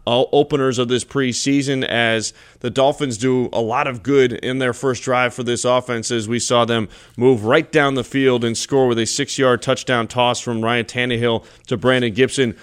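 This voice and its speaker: A man hosts a radio postgame football show, his voice sitting at a middling pitch. He reads out scores and stats in a brisk, practiced broadcaster's cadence. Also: little pitch movement, clear, resonant tone. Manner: brisk, stat-reading delivery. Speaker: play-by-play host.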